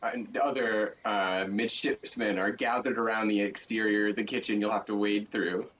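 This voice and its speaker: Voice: medium pitch, fairly even intonation, normal speed, fairly bright tone. A player in a tabletop role-play chatting casually and describing their character's actions. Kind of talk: casual game chat. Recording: distant mic with faint noise.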